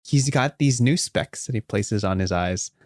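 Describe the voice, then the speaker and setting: Low-voiced man improvising a story. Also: a little slow, dry recording, studio quality. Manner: animated, with many restarts and fillers. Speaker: podcast host.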